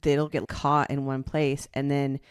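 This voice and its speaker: A young woman co-host, chatty and explaining things at length, with a quick laugh. Her voice is smooth and clear and sits at a medium pitch, recorded close and dry. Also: level tone, dry recording. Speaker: podcast co-host. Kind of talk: casual chat.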